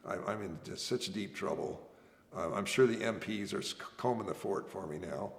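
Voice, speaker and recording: A man telling his own story as a veteran, earnest and halting, often restarting his sentences. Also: sits low, creaky. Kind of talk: oral history storytelling. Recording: echoey room with long reverb.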